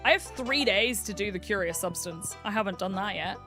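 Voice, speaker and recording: A woman's voice: medium pitch, fairly quick, few pauses, bright, forceful tone, soft background music. A young British woman chatting casually and giggling as she streams a farming game. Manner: giggly, chatty, self-mocking. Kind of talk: casual game livestream chat.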